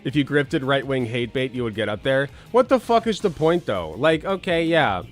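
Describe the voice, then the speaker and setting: A man's voice: mid-range voice, sing-song, moderate pace, soft background music. A man hosting casual political commentary, rambling with sarcastic, crude jokes and swearing.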